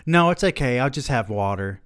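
A man voicing a small child who whines for juice in a high, small voice. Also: lively intonation, fairly quick, a bit bright, clear, resonant tone, dry recording, studio quality, lightly acted. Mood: pleading.

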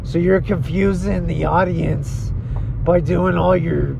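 A man's voice: a little high, steady tone, takes it slowly, gravelly, noisy background. A young man co-hosting a podcast, improvising a comedy sketch in a laid-back way, calling people dude and bro. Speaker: podcast co-host.

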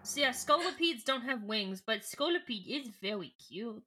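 A woman's voice: on the high side, expressive, moderate pace, pushed and bright. A woman co-hosting a podcast, recapping a book in casual chat, giggly and swearing casually. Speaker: podcast co-host.

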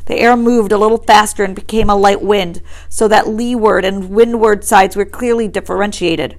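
A woman teacher reads a novel aloud to her students in a steady, mid-pitched voice. She breaks off now and then to quiz the class before reading on. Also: moderate pace. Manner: stops to quiz listeners.

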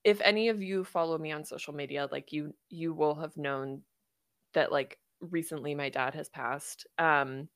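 Low-voiced woman, chatty podcast host. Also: dry recording, studio quality. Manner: laughs often, rambling with many fillers. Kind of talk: casual podcast chat.

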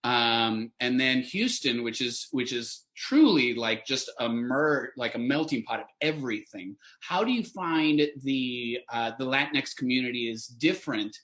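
A man from South Texas hosting a casual podcast conversation, asking relaxed, chatty questions. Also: mid-range voice, measured pace, few pauses. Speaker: host.

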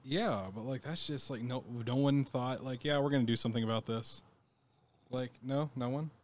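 A man's voice: mid-range voice, moderate pace, slight background noise. A man co-hosting a podcast, reacting bluntly and swearing when he gets heated. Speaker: podcast co-host. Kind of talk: casual chat.

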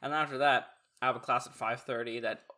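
A man's voice: mid-range voice, fairly quick. A young man and college student hosting a casual chat, asking easy questions and laying out his thoughts. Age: young adult. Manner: relaxed, prompting questions, lays out his thoughts.

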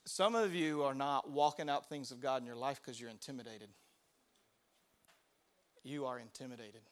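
A middle-aged man preaching a sermon, an animated storyteller who laughs and shouts out the lines he quotes. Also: medium pitch, normal speed. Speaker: pastor.

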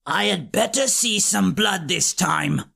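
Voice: medium pitch, lively intonation, slow pace, gravelly, pushed and bright, husky, full character voice. A narrator voicing a cruel, foul-mouthed female witch villain in an audiobook, crude and bossy. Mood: demanding.

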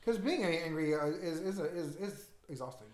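A man's voice: fairly high pitch, lively intonation, a little fast, darkish tone. A young man co-hosting a podcast in casual chat, telling stories in a rambling, stammering way and swearing freely. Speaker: podcast co-host. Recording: echoey room.

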